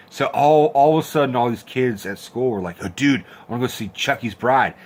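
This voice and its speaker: A young man telling a story in a casual, animated, profane rant, acting out quotes with squeaky voices. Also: fairly quick. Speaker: host of a horror film rant channel.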